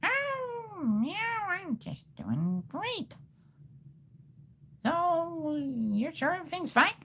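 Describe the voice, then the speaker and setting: A man voicing a gentle, concerned house cat with a slow, soft, squeaky voice. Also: wildly swooping pitch, highs cut off, slight background noise, exaggerated voice.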